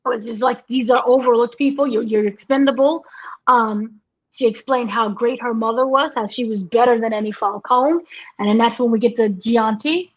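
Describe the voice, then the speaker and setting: High-pitched woman chatting, lo-fi sound. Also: fairly even intonation, normal speed. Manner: conversational, acts out quotes from the show. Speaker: entertainment editor, co-host. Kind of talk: casual review chat. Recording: dull lo-fi audio.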